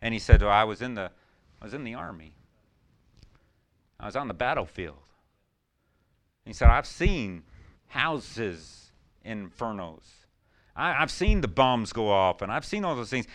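A man preaching a sermon, swinging between loud emphatic questions and quiet, low storytelling. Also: sing-song, unhurried, long pauses.

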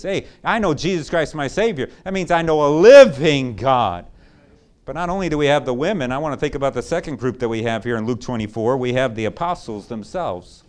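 A man preaching a sermon as pastor, swinging between loud, excited bursts and hushed, low asides. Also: brisk.

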